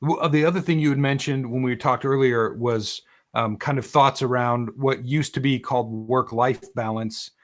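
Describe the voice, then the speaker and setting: A man's voice: medium pitch, steady tone, moderate pace. A man interviewing a client over a video call, conversational and loose, often saying "like" and "um". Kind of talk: casual remote interview.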